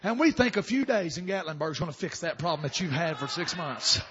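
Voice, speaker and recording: A man preaching a sermon, swinging from soft murmurs to fervent shouting. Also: a little high, expressive, a little fast, lo-fi sound, a crowd in the background.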